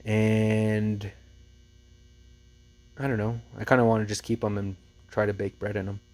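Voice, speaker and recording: A man who resells thrift finds, telling a story casually and with lively energy. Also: lowish voice, unhurried. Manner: chatty, animated retelling with laughs.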